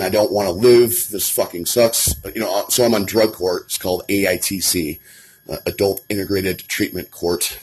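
Casting: low, husky-voiced guy, emotional, earnest recovery testimony with lots of false starts. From Colorado, USA. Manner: earnest and emotional, swears often, many restarts. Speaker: person in addiction recovery. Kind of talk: personal recovery story.

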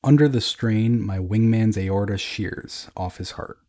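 A man reading a dramatic first-person story in a grave, measured way. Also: on the low side, mellow.

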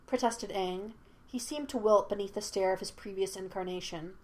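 A woman narrating a fan story in an even, steady storytelling voice. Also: mid-range voice, normal speed. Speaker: audiobook reader.

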